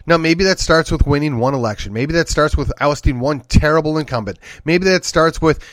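A man's voice: a little high, fairly quick, no echo, studio quality. Emphatic man with rhetorical questions. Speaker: podcast host. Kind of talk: political commentary monologue.

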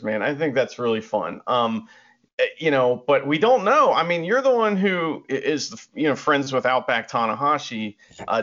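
Man, podcast co-host, casual chat, giggly, rambling, lively pitch, dull lo-fi sound. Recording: dull lo-fi audio.

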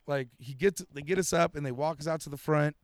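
Guy rambling thru a crazy story, swears a lot, slightly high voice, dry close mic. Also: brisk, no room sound. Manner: profane, rambling, animated storytelling with lots of "like" and "dude". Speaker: storyteller guest. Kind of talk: casual podcast chat.

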